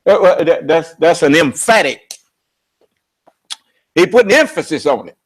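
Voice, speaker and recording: A man preaching on scripture with emphatic, confrontational delivery, slowing down to draw out quoted verses. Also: fairly high pitch, lively intonation, breathy edge. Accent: American. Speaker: religious leader and teacher.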